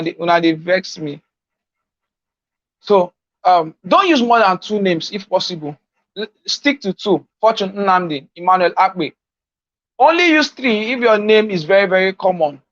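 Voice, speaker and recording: A man's voice: high-pitched, a bit bright, dry recording, dull audio. A Nigerian man giving an informal coaching talk on social media marketing, teasing his listeners and repeating his key points.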